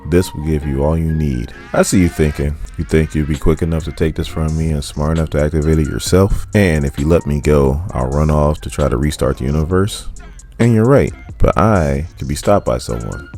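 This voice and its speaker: A man's voice: rumbling low, fairly quick, warm tone, faint music behind. A man voicing a smug, theatrical male villain scientist in a comic-book recap, delivering lines with grandiose, mocking self-regard. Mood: persuasive.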